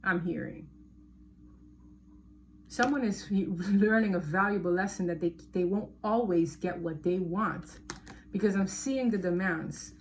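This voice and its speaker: A woman's voice: on the low side, a little slow, slight background noise. A woman giving a casual tarot reading to her viewers, talking emphatically and repeating words for stress. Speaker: tarot reader.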